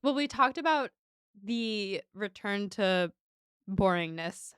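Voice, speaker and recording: A woman co-hosting a podcast, talking through a book in a chatty, loose way, with a smooth, clear voice. Her speech is full of "like" and "kind of" fillers. The sound is dry and close, with no room around it. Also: medium pitch, lively intonation, slow pace, a bit bright, no room sound. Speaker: podcast co-host. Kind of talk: casual book discussion.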